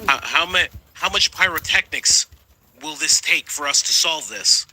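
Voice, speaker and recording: A man's voice: on the high side, lively intonation, measured pace, pushed and bright, low-quality recording. A man giving comedic commentary, mocking and laughing as he talks. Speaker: online commentator.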